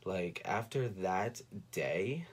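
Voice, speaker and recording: A young man from North Carolina telling a personal story on a livestream, speaking in a soft, halting way and fighting back tears. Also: deep voice, expressive. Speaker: vlogger. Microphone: phone or webcam.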